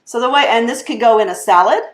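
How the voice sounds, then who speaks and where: A woman's voice: fairly high pitch, quick pace, reverberant. Chatty woman teaching a cooking demo. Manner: chatty, laughs often, many fillers. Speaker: cooking show host. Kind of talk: casual live cooking demonstration.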